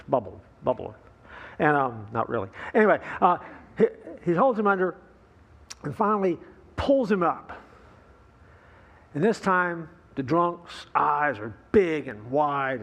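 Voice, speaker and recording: A male pastor preaching a sermon, opening with a folksy joke, with fillers and easy asides. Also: a little high.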